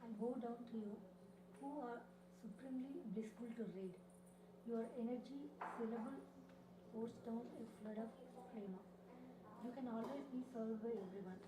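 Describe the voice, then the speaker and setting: A woman's voice: a little high, moderate pace. A woman reading devotional verses aloud in a class. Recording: distant, echoey room, noisy.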